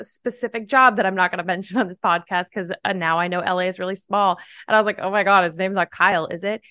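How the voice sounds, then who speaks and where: A young adult woman, a podcast guest, telling a personal story in a chatty, animated way with lots of "like" fillers. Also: medium pitch, clean tone, no echo, clean studio sound. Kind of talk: casual storytelling.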